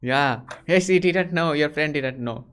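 A man's voice: fairly high pitch, measured pace, fairly bright tone, clear, resonant tone. Curious man quizzing strangers on a video call. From India. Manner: curious, asks many short questions. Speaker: host. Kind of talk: casual video chat with strangers.

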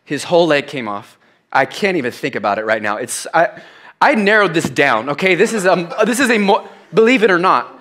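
A middle-aged man, probably a pastor, preaching a sermon, telling a personal story animatedly and dropping to hushed, confessional tones. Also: fairly high pitch, sing-song, a little fast.

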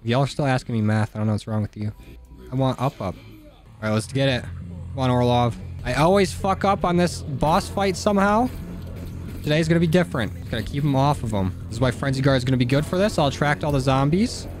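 A young man giving casual, profane commentary while playing a game, talking to the characters on screen and yelling when things go wrong. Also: medium pitch, fairly quick, faint music behind. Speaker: gaming YouTuber. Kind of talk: live gameplay commentary. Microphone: studio dynamic mic.

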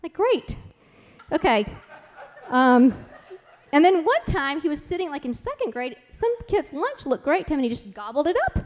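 A woman in her forties tells family stories to a conference audience. Her voice is a touch high for a woman, and she talks in a chatty, animated way full of asides. Her delivery runs loose and conversational. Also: moderate pace. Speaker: conference speaker. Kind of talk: storytelling talk.

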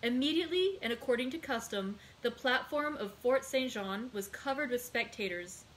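A woman librarian reading a classic novel aloud, measured and steady, sometimes stumbling over names and correcting herself. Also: on the high side, slight background noise, low-quality recording. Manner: measured, with small slips and self-corrections on names. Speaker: librarian hosting a read-aloud.

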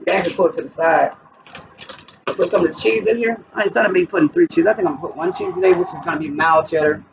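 A woman's voice: fairly low pitch, quick pace, gravelly. A woman hosting a cooking vlog in her home kitchen, chatting straight to her viewers as she cooks. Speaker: cooking channel host. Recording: distant, muffled, noisy.

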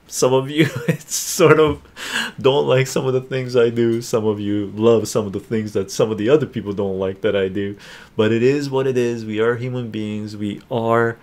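A man hosting a casual live stream, chatting upbeat with viewers and reading their comments aloud. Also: fairly low pitch. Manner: excited auctioneer calling bids. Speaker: streamer hosting a points auction.

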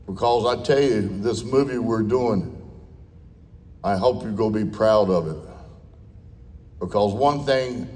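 A man's voice: fairly low pitch, darkish tone. An older man giving a blunt, folksy, off-the-cuff speech at a veterans' dinner, with salty language. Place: large dinner hall. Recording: long hall reverb.

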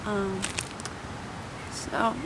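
A woman's voice: drawn-out words, very noisy. A young woman talking casually to her camera, rambling with lots of fillers. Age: young adult. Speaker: vlogger. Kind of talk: casual vlog chat.

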